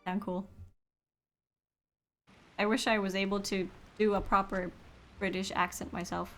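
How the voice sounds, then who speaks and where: Streamer: an upbeat, mid-pitched woman chatting to her viewers over soft game music. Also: flat delivery, measured pace. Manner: chatty, upbeat, talks to chat. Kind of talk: casual gameplay commentary.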